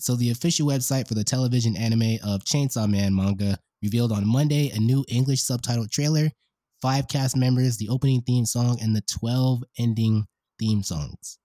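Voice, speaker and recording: A man's voice: medium pitch, mellow, no room sound, clean studio sound. A man co-hosting a podcast in casual chat, laid-back and slangy, often calling others "bro". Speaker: podcast co-host.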